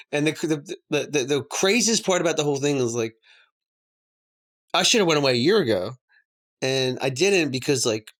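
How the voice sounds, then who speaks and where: A man tells his story on a podcast. He rambles candidly, packing his talk with fillers and small laughs, at a middle pitch for a man. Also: a bit bright. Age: 40s. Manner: rambling, lots of "like" and laughs between words. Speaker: podcast host.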